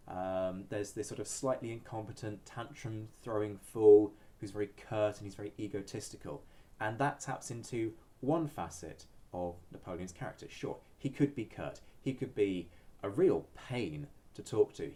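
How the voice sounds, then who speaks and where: A male historian explains his subject in a measured, thoughtful way, pausing often on ums. His voice sits a little low and sounds dark and mellow. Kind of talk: expert commentary.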